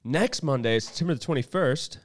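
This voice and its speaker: A man's voice: mid-range voice, animated, a little fast. Easygoing man listing launch dates. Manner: easygoing, bantering, reading off dates. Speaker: co-host. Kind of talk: casual product-launch chat.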